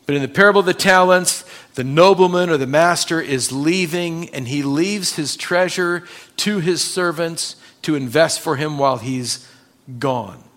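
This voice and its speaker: Emphatic pastor, slightly high voice. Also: male voice, normal speed. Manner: emphatic, swings between loud stresses and quiet drops; quotes scripture and stresses single words. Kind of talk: sermon.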